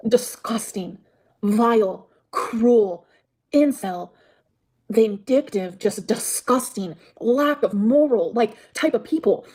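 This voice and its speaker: A woman's voice: fairly high pitch, a little mellow, poor audio. A woman livestreaming an angry, profane rant, venting heatedly at her audience.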